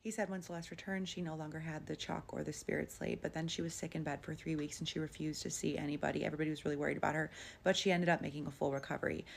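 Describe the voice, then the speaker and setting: Fast-talking low-voiced woman with vocal fry. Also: steady tone, a little hiss or hum. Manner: conversational, with frequent filler "like". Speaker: storyteller. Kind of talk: casual retelling of a paranormal story.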